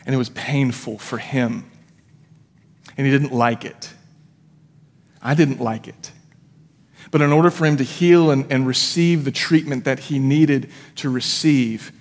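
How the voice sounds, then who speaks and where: A man's voice: mid-range voice, unhurried, long pauses. Storytelling man preaching in a reverberant hall. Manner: conversational, vivid storyteller with fillers and self-deprecating asides. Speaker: pastor. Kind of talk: sermon with personal storytelling. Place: church sanctuary.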